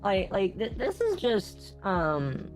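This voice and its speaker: A woman streamer rants casually to her live chat. Her voice swings from low mutters to sudden high exclamations. Faint music plays quietly behind her. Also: slow pace. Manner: animated ranting with big pitch jumps and laughter. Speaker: gaming streamer.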